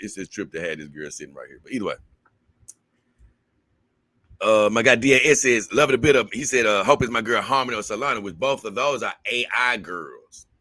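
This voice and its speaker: Bright-voiced man chatting casually on stream. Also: fairly low pitch, dry recording. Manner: relaxed, drawling, with many fillers. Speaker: channel host reading viewer comments. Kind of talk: casual livestream chat.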